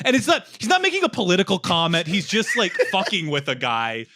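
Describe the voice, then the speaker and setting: A man guesting on a talk stream, loudly telling funny stories in casual chat. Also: high voice, wildly swooping pitch, a little fast, few pauses, background noise. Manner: loud, storytelling.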